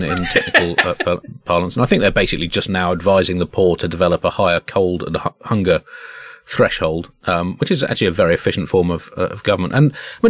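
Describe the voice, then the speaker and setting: A man's voice: on the low side, no echo. A man hosting a satirical comedy podcast, wry and mock-pompous. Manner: wry, pun-heavy, mock-pompous delivery.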